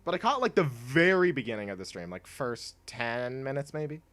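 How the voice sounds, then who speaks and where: A man's voice: mid-range voice, sing-song, normal speed, fairly bright tone, soft background music. A young man chatting casually while streaming a video game, rambling with lots of fillers and laughing often. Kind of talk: casual gameplay stream chat.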